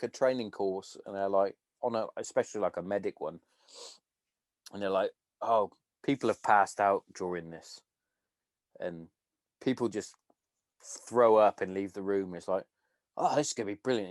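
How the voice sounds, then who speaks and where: A man hosting a podcast, chatting in an animated, profane way and acting out his stories. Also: on the low side, moderate pace, pauses often, dry recording. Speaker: podcast host. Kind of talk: casual chat.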